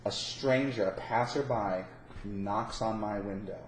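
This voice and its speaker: A man's voice: on the low side, unhurried. Stammering man telling a rambling story. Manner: rambling, stammering restarts, swears when worked up. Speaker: podcast guest telling a story. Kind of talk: casual storytelling. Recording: echoey room with faint noise.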